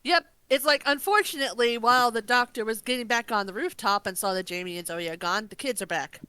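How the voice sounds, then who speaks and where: A woman co-hosting a casual review podcast, explaining plot points in measured turns. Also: fairly high pitch, bright, forceful tone, clean tone, no echo, low-quality recording. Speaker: podcast co-host.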